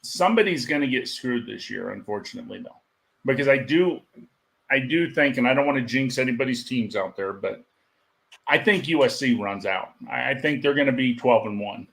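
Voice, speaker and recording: A man's voice: medium pitch, lively intonation, a little fast, gravelly, a bit bright. A man giving blunt opinions in a casual college football chat, laughing as he talks. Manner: opinionated, laughs while talking.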